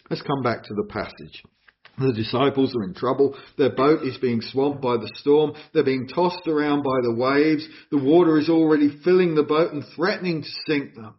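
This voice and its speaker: A man preaching a sermon in an earnest, expressive way, asking his listeners questions. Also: mid-range voice, moderate pace. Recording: dull lo-fi recording.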